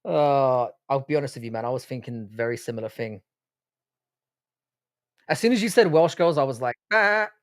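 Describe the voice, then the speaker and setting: A man's voice: medium pitch, animated, normal speed, long pauses, darkish tone. An Irish man hosting a live fight watch-along stream, reacting casually and profanely and reading out chat messages. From Ireland. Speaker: livestream host.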